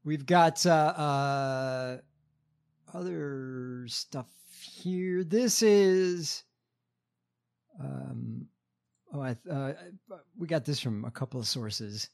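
A man's voice: mid-range voice, extremely slow, vocal fry, darkish tone. Hesitant man reading headlines. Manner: hesitant, many ums, reads out stories. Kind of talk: casual news-reading chat.

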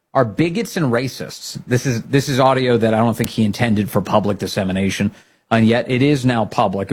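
Male political talk host, husky, emphatic commentary, fired up at times. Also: mid-range voice. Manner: emphatic, grows loud and excited when rallying.

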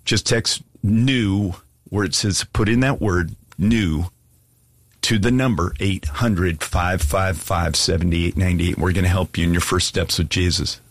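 Deep, husky-voiced preacher making an altar call. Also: male voice, a little slow, dry recording, clean studio sound. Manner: earnest, pleading, conversational preaching. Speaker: pastor.

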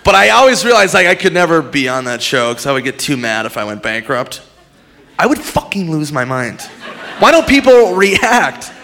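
A male stand-up comedian ranting about game shows, breaking into loud outbursts. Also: fairly high pitch, moderate pace. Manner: loud, excitable rants with shouted outbursts. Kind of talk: stand-up routine.

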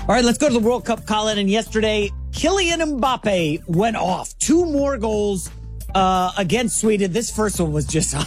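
A woman co-hosting a sports talk show, setting up segments in a chatty, lively way. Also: medium pitch, normal speed, over music. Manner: conversational, lively, frequent restarts.

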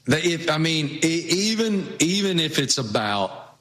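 A man with a Southwest Virginia accent, co-hosting a casual chat and telling stories in a folksy, drawn-out way. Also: on the high side, lively intonation, a bit bright. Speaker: co-host.

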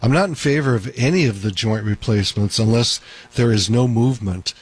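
Husky male call-in radio host. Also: mid-range voice, brisk, no room sound. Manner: talkative, emphatic, repeats points. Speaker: radio show host, doctor.

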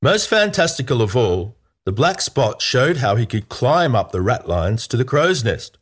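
A man's voice: mid-range voice, big pitch swings, unhurried, husky. A man narrating a humorous pirate story in a playful, tongue-in-cheek storybook style.

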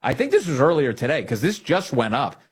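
A male opinion host with a husky, slightly rough voice at an ordinary pitch. His delivery is sarcastic and mocking, and he chuckles at the people he talks about. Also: big pitch swings, a little fast. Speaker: political commentary host. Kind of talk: opinion commentary.

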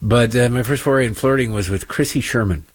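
A man's voice: mid-range voice, fairly quick, husky, no echo. A man hosting his own talk show, delivering a rambling, sarcastic monologue full of mocking asides.

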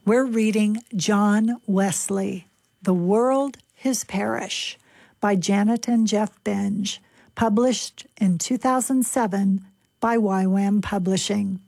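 A woman reading a book aloud on a radio show in a calm, measured way. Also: medium pitch, vocal fry, dry recording.

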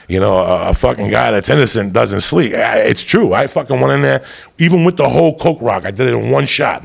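A man doing stand-up, telling a wild story in a rowdy, profane, boisterous way with a gravelly voice. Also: mid-range voice. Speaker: stand-up comedian.

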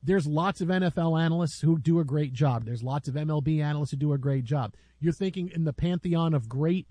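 Man, sports talk host, rambling storyteller, slightly high voice, dry close sound. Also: fairly quick, no echo. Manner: rambling, many restarts, lively storytelling.

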